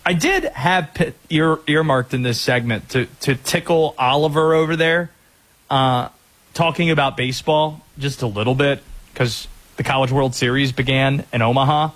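Husky, upbeat radio sports host man. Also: medium pitch, a bit bright. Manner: upbeat, joking, quick asides. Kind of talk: call-in sports talk show.

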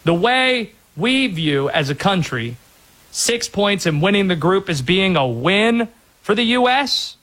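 A man's voice: high voice, very animated, unhurried, fairly bright tone. A man hosting a sports show, giving an emphatic, opinionated soccer analysis.

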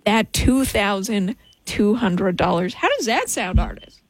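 A woman hosting a radio call-in contest, bubbly and quick to laugh. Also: medium pitch, dry recording. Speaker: radio host. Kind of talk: upbeat radio contest chat. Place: radio studio.

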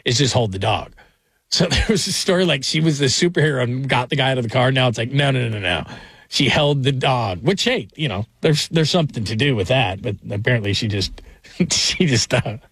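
A man's voice: medium pitch, fairly bright tone, no echo. A man hosting a sports talk radio show, chatting casually and rambling through stories with small laughs. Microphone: studio microphone.

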